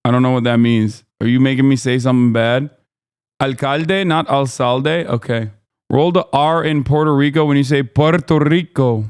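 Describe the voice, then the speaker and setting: Brief: male streamer host, sarcastic banter, smooth slightly high voice, dry close mic. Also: fairly even intonation, moderate pace, a little mellow, no room sound. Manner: joking, sarcastic, talks back to chat. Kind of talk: casual reaction commentary.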